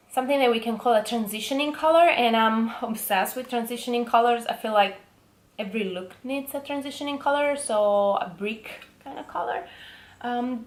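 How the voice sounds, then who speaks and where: A woman's voice: fairly high pitch, echoey room. A young woman with an Italian accent, chatting enthusiastically about makeup products in a casual beauty vlog, with frequent ums. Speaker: beauty vlogger.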